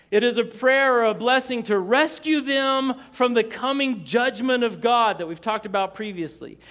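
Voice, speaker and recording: A man preaching a sermon as pastor, slow and emphatic, drawing responses from the congregation with asides and chuckles. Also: extremely high pitch, fairly bright tone.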